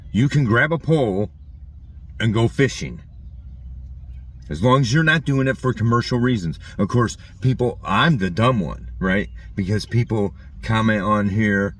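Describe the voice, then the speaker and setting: Husky-voiced man ranting to camera. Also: fairly low pitch, lively intonation, unhurried, a bit bright, recorded from a distance. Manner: indignant, repetitive, mocks opponents' comments. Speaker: channel host. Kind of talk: opinionated vlog rant.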